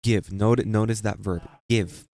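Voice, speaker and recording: Emphatic low-voiced male preacher. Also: a little mellow, no room sound. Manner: emphatic, repeats phrases for stress; reads scripture slowly and deliberately. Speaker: pastor. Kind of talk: sermon.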